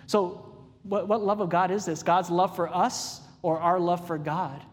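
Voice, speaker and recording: A man with a rather high voice, preaching a sermon. He talks in a casual, conversational way and asks the congregation questions. His voice rings with the long reverb of a church hall. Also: flat delivery, unhurried. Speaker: pastor.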